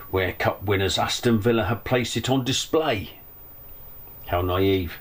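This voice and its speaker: A man's voice: fairly low pitch, a little slow, slight background noise. A middle-aged man casually reading an on-this-day list on his channel, breaking off into chatty asides and self-corrections. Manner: chatty, reads then adds personal asides and self-corrections. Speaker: vlogger hosting a Q&A.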